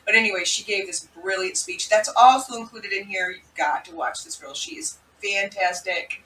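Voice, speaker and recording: A woman's voice: mid-range voice, normal speed, a little hiss or hum. Chatty woman vlogger in an echoey room. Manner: chatty, animated storytelling. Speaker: vlog host. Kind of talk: casual commentary. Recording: echoey room, mic at a distance.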